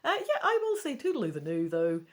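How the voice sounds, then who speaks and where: A woman's voice: on the low side, wildly swooping pitch, a little fast. A Scottish woman reading a gamebook aloud and commenting on it in a chatty, wry way with casual swearing. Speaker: gamebook reader.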